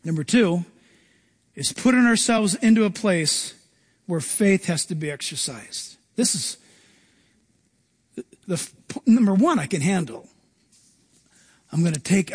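A man preaching a sermon as pastor, animated and acting out quoted lines, sometimes shouting them. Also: high voice, normal speed, pauses often, breathy edge.

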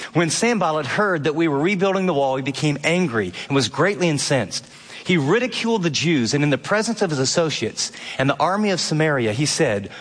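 A man's voice: a little high, fairly bright tone. A man preaching a sermon, emphatic and earnest, teaching from a passage and asking pointed questions. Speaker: pastor. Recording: long hall reverb.

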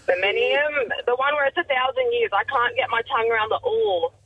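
A woman's voice: high-pitched, lively intonation, fast, husky. A woman calling in to a radio show, sheepish and laughing at herself, on a phone line. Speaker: caller.

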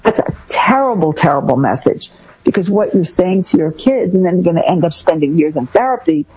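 A woman co-hosting a casual talk show, giving parenting advice in an animated way and acting out things parents say. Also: fairly low pitch, brisk, husky, muffled recording. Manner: animated, acts out parent phrases. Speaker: co-host giving parenting tips.

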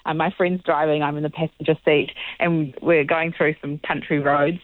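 A woman calls in to a radio show and tells her story in an animated way, often checking in with "okay?". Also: low-pitched, moderate pace, dry recording. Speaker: caller. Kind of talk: telling a story on breakfast radio. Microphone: phone. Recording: tinny dry phone line.

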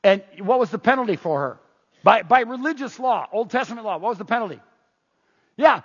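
Husky high-voiced male preacher. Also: fast. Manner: animated storytelling, acts out scenes, frequent stammered restarts. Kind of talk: sermon. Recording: muffled, long hall reverb.

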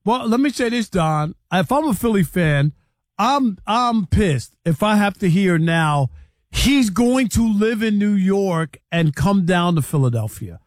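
A man's voice: high-pitched, animated, unhurried, no room sound, studio quality. A man co-hosting a sports talk show, giving blunt, opinionated takes.

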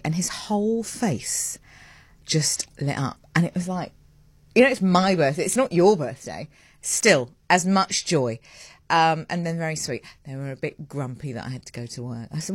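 A woman hosting breakfast radio, chatting in a lively, self-mocking way with lots of asides. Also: rumbling low, moderate pace, slightly rough, no room sound. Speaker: radio host. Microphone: studio mic with headphones.

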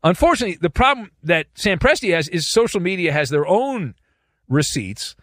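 A man's voice: sits high, sing-song, moderate pace, a bit bright, no room sound, clean studio sound. A man hosting a sports talk show, giving opinionated commentary in a sarcastic, mocking way.

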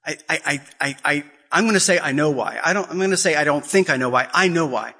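A man's voice: fairly high pitch, animated, fast, sharp tone, husky. A man giving an impassioned Catholic talk, emphatic and repeating his questions for effect. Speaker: Catholic speaker. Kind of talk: impassioned preaching.

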